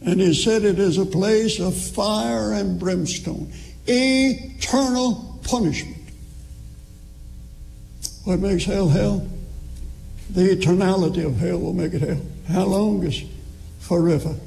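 A man preaching a sermon slowly and emphatically, pressing his listeners with rising appeals. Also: sits high, steady tone, vocal fry, dark tone, poor audio.

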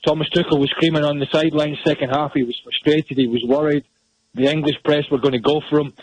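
A man's voice: a little high, fairly even intonation, fast talker, breathy edge, no echo, poor audio. A man giving blunt, opinionated soccer analysis on a radio show, often repeating words as he goes.

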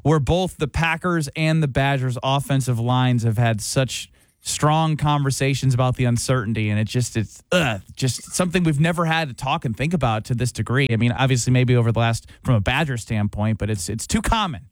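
A man's voice: mid-range voice, fairly quick, no echo. Emphatic male sports co-host, dry sound. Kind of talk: sports talk show discussion.

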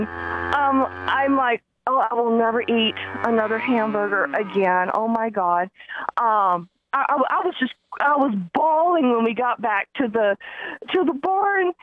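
A woman caller telling a rambling story over the phone, full of fillers and restarts. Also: a little high. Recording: muffled dry phone line.

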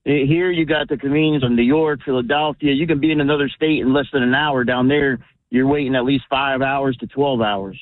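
A man in his fifties calling into a radio show, with a New Jersey accent tinged by Texas, talking in a relaxed, conversational way. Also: medium pitch, a little fast, dry recording. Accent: New Jersey with a slight Texas tinge. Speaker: caller. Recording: tinny phone line.

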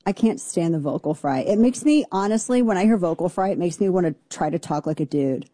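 A woman hosting a talk radio show, giving sarcastic, brash and animated commentary. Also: fairly low pitch, fairly quick, no echo, clean studio sound.

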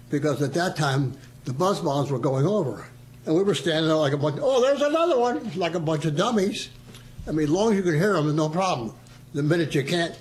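Older man reminiscing, somewhat high voice. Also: slight background noise. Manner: storyteller who acts out quoted voices and chuckles. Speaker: veteran interviewee. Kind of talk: casual reminiscing.

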